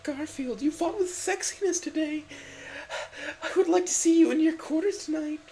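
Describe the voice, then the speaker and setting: A man voicing a female starship officer in a high falsetto. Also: animated, moderate pace. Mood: dreamy. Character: serious female starship officer, later lovestruck.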